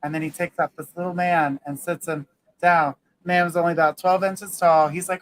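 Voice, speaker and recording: An upbeat host of a live talk show tells a joke and signs off, addressing viewers warmly and often. The voice sits at a mid pitch with a friendly, chatty manner. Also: level tone, moderate pace, rough recording. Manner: upbeat, repeats "guys".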